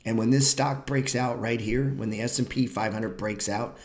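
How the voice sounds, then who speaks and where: A man's voice: mid-range voice, fairly even intonation, normal speed. A man hosting a live-streamed trading class, talking bluntly, swearing freely and lecturing with a sarcastic edge. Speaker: trading educator and show host.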